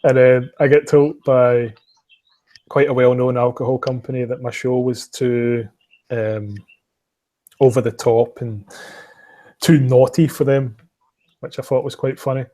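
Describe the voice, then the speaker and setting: A man's voice: medium pitch, flat delivery, a little slow, pauses often, warm tone. A man from Scotland with a West of Scotland accent, hosting a casual podcast chat, swearing and laughing often. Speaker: podcast host.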